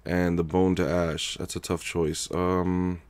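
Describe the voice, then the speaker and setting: A young streamer comments casually on his game live, using slang, laughing loudly and reading donations aloud to thank viewers. His voice is deep and resonant, clear, with a flat delivery and an unhurried pace.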